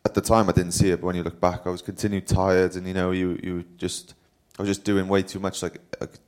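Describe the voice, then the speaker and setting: A man's voice: low voice, flat delivery, quick pace, darkish tone. A young man, a pro cyclist, telling stories in a rambling, self-deprecating way as a guest at a live talk. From Wales. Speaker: interview guest, professional cyclist. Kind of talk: casual storytelling at a live talk.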